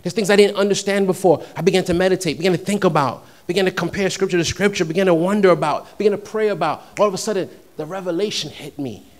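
A young adult man from New York preaching a sermon, shifting between conversational storytelling and loud, emphatic peaks. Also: sits high, fast, hardly any pauses. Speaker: pastor.

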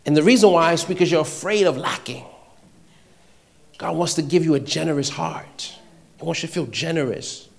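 A man preaching a sermon to a congregation, emphatic and repetitive, swinging between quiet, intimate lines and loud declarations. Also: fairly high pitch, moderate pace, gravelly.

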